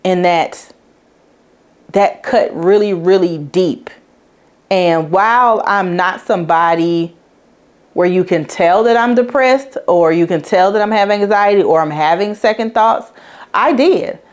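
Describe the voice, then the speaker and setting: A woman's voice: fairly low pitch, unhurried. A woman hosting a podcast, telling a personal story in a frank, chatty way and speaking straight to her listeners. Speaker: podcast host.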